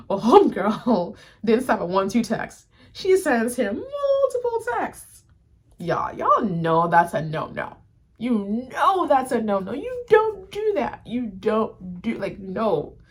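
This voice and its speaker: A woman with a husky, breathy edge to her voice chats casually to the camera. She is animated and talks straight to her audience as friends, calling them y'all. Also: fairly low pitch. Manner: animated, addresses viewers as y'all, many fillers. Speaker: YouTube reviewer. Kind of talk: casual review chat to camera.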